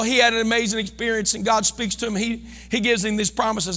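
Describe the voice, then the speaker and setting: Fervent, bright-voiced preacher in a reverberant church. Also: male voice, high voice, fairly even intonation, fairly quick, hardly any pauses, some chatter behind. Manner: fervent call-and-response preaching, bursts into shouts. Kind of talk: sermon. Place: church sanctuary.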